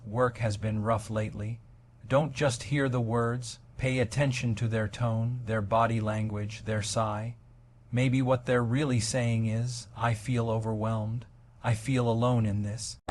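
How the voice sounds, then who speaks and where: A man delivering a scripted motivational talk on communication, with measured, emphatic pacing and deliberate pauses. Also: fairly low pitch. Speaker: motivational speaker.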